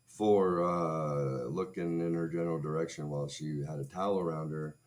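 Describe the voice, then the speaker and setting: A man's voice: very deep voice, steady tone, normal speed, hardly any pauses, a little mellow. A man in his forties, hosting a livestream, telling a crude comic story in a sarcastic, rambling way with self-mocking asides. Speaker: streamer host.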